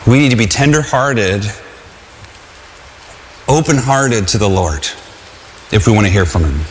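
A man preaching a sermon in an earnest, conversational way, at times crying out loudly and at times stumbling over restarts. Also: fairly low pitch, lively intonation, a little hiss or hum. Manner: earnest, conversational, with shouted cries and halting restarts. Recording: long hall reverb.

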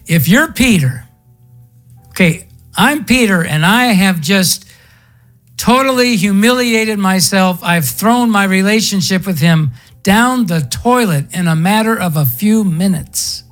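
A man's voice: high voice, animated, slow, fairly bright tone, soft background music. A male pastor preaching a sermon in a conversational storytelling way, drawing out words for emphasis.

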